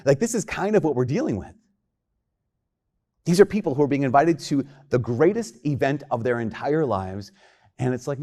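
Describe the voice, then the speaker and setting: A priest giving a homily in a conversational, joking way, often acting out quoted lines. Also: male voice, mid-range voice, expressive, normal speed, dark tone.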